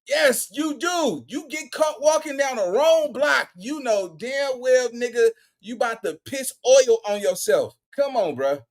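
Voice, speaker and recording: Reaction host: man, very high and bouncy voice, loud and teasing, slangy casual commentary. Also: unhurried, hardly any pauses. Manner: excitable, teasing, loud exclamations and laughter; repeats slangy tags like "boy" and "bro".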